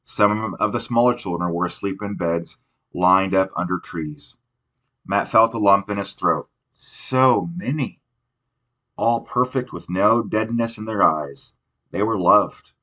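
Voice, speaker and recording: Deep-voiced man reading a novel aloud. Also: pushed and bright, dull audio. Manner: unhurried reading with occasional restarts. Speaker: audiobook narrator. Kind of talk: scripted audiobook narration.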